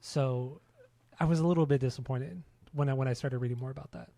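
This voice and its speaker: A man's voice: medium pitch, brisk, warm tone, no room sound. A man co-hosting a casual music podcast, talking in an easygoing, hedging way with many fillers. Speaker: podcast co-host.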